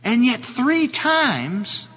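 A male pastor preaching a sermon, slow and earnest, often asking his listeners rhetorical questions. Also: extremely high pitch, sing-song, pushed and bright, husky. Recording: dull audio with long hall reverb.

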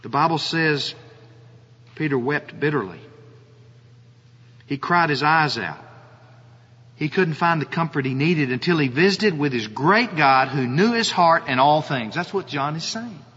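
A male pastor preaching a sermon, slow and earnest, often asking his listeners rhetorical questions. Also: fairly high pitch, expressive, bright, forceful tone, slightly rough. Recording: dull audio with long hall reverb.

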